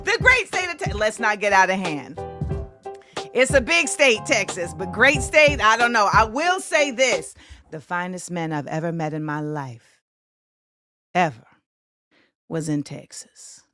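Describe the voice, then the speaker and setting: A woman in her forties hosting a livestream talk show, chatting animatedly and breaking into sing-song shout-outs to the chat. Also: mid-range voice, expressive, unhurried, long pauses. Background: faint music.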